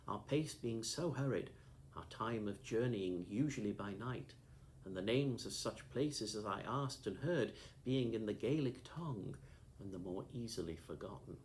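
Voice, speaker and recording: A male narrator with a fairly deep voice reads a classic adventure novel as an audiobook. His telling is steady and measured, with faint noise under the recording. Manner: steady, measured first-person storytelling.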